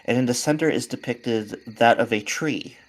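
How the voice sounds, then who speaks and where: A woman's voice: extremely low pitch, moderate pace. A woman game master describing the scene in a tabletop game, in a casual tone with small fillers.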